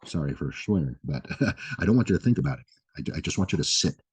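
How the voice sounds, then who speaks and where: A very animated, fast-talking man with a rumbling low, somewhat mellow, husky voice, recorded dry. He's hosting a health vlog, giving advice in a loose, filler-filled manner, swearing casually and constantly checking in with "right?"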